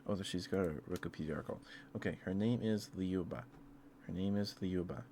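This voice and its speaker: Low-voiced man rambling softly for ASMR. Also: fairly quick, slight background noise. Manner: rambling, hesitant, many fillers; tender, easily moved. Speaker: ASMR streamer. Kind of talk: soft-spoken ASMR ramble.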